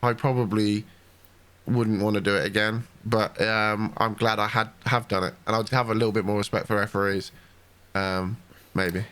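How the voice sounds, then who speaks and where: A man's voice: lowish voice, steady tone, moderate pace, fairly bright tone, clean tone. A man hosting a podcast, telling rambling, sweary anecdotes in casual chat.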